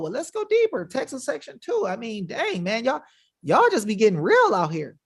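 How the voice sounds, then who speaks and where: A man's voice: extremely high pitch, wildly swooping pitch, moderate pace, slightly rough. A man hosting a webinar in an emphatic, combative, slangy manner, talking casually to his viewers. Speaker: webinar host. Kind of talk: fiery casual livestream talk.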